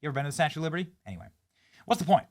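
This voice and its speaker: Dude hosting a political commentary show, fairly high voice all over the place, loud hype then snarky mutters. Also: male voice, racing. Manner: animated, sarcastic, swings between loud hype and low mutters.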